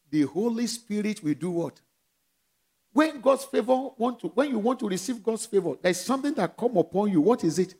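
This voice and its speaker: A man's voice: high voice, a little mellow, slightly rough. A man with a Nigerian accent preaching a sermon, asking the church questions and letting them call back the answers. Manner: call-and-response preaching, rising and dropping in volume. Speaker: pastor.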